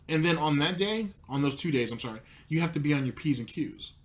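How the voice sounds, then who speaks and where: A man's voice: a little high, lively intonation, a little fast. A man hosting a commentary show, talking in a mocking, needling way with plenty of profanity. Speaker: commentary host. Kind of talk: sarcastic commentary.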